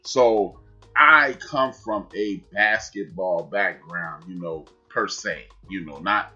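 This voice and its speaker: A lower-pitched man hosts a sports talk podcast with a bright, forceful edge, talking in an emphatic, animated way. The sound is dull and lo-fi, with faint music underneath. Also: slow pace, husky. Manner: animated, emphatic, with shout-outs. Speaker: podcast host.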